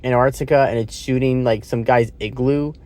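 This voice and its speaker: This movie reviewer has a medium-pitched, darkish voice with a steady tone at normal speed. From inside a car he rambles through the film, full of fillers and casual swearing, chuckling as he recounts it.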